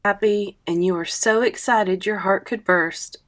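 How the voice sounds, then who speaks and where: A woman reading a text aloud in a steady, even manner. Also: mid-range voice, measured pace.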